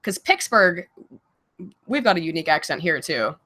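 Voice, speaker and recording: Brief: lively, blunt woman streamer, swears freely, laughs a lot, casual Q&A at home on a desk mic. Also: lowish voice, normal speed. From Virginia and Baltimore. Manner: blunt, profane, laughing often. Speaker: streamer answering viewer questions. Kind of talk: casual livestream Q&A.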